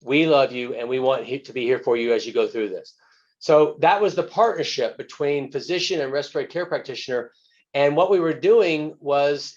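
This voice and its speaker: Guy doctor telling a story from the icu, earnest and plain, dull muffled audio. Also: fairly high pitch. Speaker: physician guest, author. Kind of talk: telling a story from his work.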